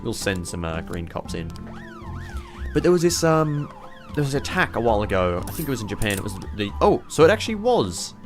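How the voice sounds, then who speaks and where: A man's voice: on the low side, big pitch swings, fairly quick, over music. A man giving let's play commentary, thinking aloud in a rambling way and swearing casually. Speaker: gamer playing a police management game.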